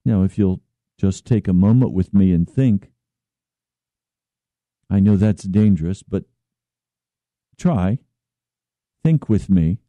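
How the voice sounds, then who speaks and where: A man preaching a slow, earnest radio sermon as pastor, at times pleading in prayer. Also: low-pitched, expressive, mellow, no room sound.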